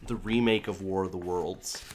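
Low-voiced man in casual chat. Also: steady tone, a little hiss or hum. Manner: quick reactive comments, movie comparisons.

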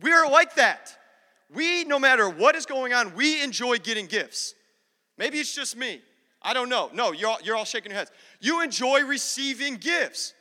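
High, bright-voiced man preaching. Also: big pitch swings, moderate pace, long reverb tail. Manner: humorous, talks directly to the congregation. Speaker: pastor. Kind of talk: sermon with personal storytelling. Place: church.

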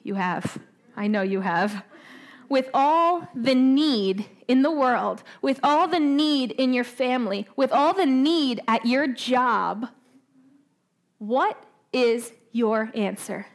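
A woman preaching a sermon in a conversational way, asking her listeners questions and often tagging "right?", slowing down on key points. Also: high-pitched, lively intonation. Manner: slows down for emphasis.

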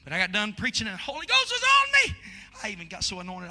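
A man preaching a sermon in a church sanctuary, moving from hushed storytelling to shouted pleading. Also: high-pitched, huge pitch swings, fast, long reverb tail, music in the background. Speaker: pastor.

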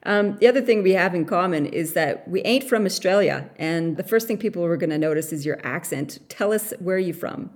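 A woman from Canada hosting a podcast interview over a call, chatty and quick to laugh. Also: fairly low pitch, expressive. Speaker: podcast host. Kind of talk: casual interview chat. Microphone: remote call.

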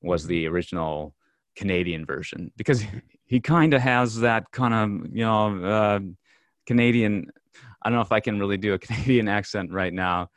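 A man co-hosting a casual podcast about movies, talking in a halting way with many fillers and restarts. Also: lowish voice, no echo. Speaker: podcast co-host. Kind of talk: casual film discussion.

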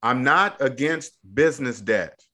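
A man's voice: mid-range voice, animated, a little slow, pushed and bright. A man coaching a younger guest on money, emphatic and preachy, repeating his points in casual podcast chat. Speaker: debt-free money coach.

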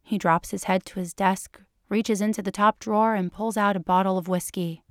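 A woman's voice: medium pitch, fairly even intonation, moderate pace, no room sound, studio quality. A woman reading fan fiction aloud in a playful, amused narrating manner. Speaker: reader.

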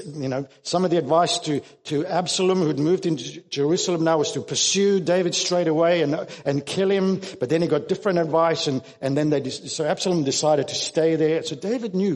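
A man's voice: on the high side, brisk, few pauses, a little mellow, long reverb tail. A man preaching a sermon as pastor, earnest and emphatic, often restarting his words.

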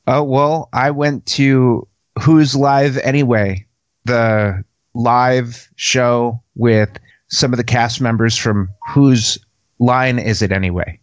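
A man's voice: mid-range voice, steady tone, slow, dry recording, lo-fi sound. A man co-hosting a casual podcast, telling a story in a rambling way and laughing often. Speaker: podcast co-host.

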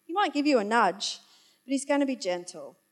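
A woman's voice: sits high, lively intonation, fairly quick. A woman preaching a conversational sermon, chatty and informal, with wry asides and the odd moment of losing her place. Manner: loses her place and corrects herself aloud.

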